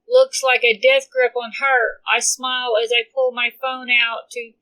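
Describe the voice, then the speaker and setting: A woman narrating a romance story in the first person with a steady reading. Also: on the high side, unhurried, poor audio. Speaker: audiobook reader.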